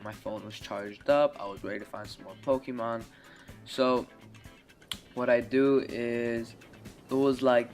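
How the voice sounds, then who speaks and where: A young man vlogger telling a story in a casual, rambling way, full of fillers. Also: medium pitch.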